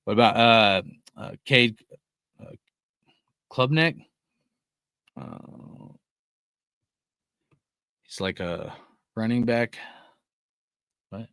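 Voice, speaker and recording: A man's voice: on the low side, extremely slow, gravelly, long pauses, bright, forceful tone, smooth, dry recording, studio quality. A young man hosting a live sports podcast, ranting heatedly and swearing constantly while he reads out chat messages. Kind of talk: profane casual sports rant.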